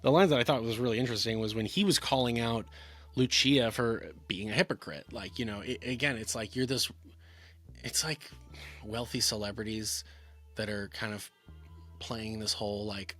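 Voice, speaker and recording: A man's voice: mid-range voice, normal speed, fairly bright tone. A man giving a casual talking-head film review, rambling, with many fillers and restarts.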